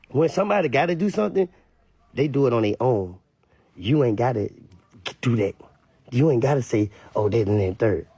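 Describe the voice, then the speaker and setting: A man's voice: sits high, dark tone, slightly rough, dry recording. A man with a Louisiana accent giving blunt, emphatic, repetitive commentary in a casual rant. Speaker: online commentator.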